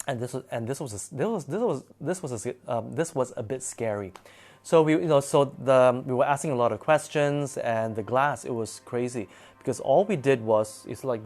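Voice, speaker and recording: A man telling a spooky personal story in a casual, animated and dramatic way. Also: mid-range voice.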